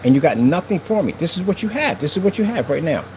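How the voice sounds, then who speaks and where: A man vlogging to the camera in a boastful, mocking tone, repeating his taunts and getting excited. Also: fairly high pitch, fast talker, noisy background. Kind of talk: taunting vlog talk to camera.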